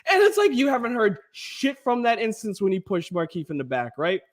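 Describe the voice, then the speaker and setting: Animated, profane male podcast host. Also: high-pitched, a little fast. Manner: animated, profane, laughs often. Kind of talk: casual sports chat.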